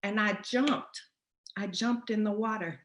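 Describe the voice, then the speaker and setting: A woman's voice: mid-range voice, unhurried, slight background noise. Roomy-sounding woman telling a story. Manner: animated, emphatic retelling. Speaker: host. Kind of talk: personal storytelling. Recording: roomy echo.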